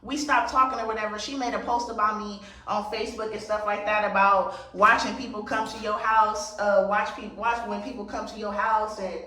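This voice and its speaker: Woman, vlogger, casual storytime, blunt and profane, forceful bright tone, heavy room echo, distant from mic. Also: mid-range voice, flat delivery, normal speed, hardly any pauses. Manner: blunt, profane, emphatic retelling. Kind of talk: casual storytime while getting ready. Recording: very echoey room, voice set back from the mic.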